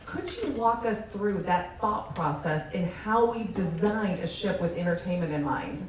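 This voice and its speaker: A woman's voice: on the low side, unhurried, a little mellow, slight background noise. A woman hosting a live panel as cruise director, in an upbeat, welcoming emcee manner. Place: onboard event venue with audience. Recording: echoey hall from far off.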